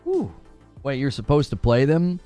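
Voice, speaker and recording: A man's voice: medium pitch, huge pitch swings, moderate pace, dark tone, faint music behind. A man hosting a live gaming talk stream, reading viewer tips and joking sarcastically, laughing often. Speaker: live talk show host. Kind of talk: live stream commentary reading super chats.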